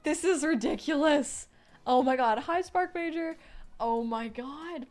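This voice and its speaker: A young woman streaming as she reads a novel aloud, gushing and squealing with excitement at the cute parts. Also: high voice, unhurried. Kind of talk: live-stream read-along with reactions.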